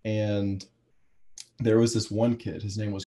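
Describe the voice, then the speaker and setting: A man's voice: on the low side, level tone, a little slow, dark tone. A man in his twenties hosting a podcast, telling a rambling story with a lot of laughter. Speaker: podcast host. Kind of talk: casual chat.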